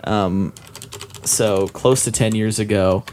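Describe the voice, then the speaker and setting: A man's voice: lowish voice, fairly even intonation, slow, darkish tone, a little hiss or hum. A man in his twenties co-hosting a casual chat, rambling and self-mocking, full of "like" and "um". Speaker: podcast co-host discussing a game.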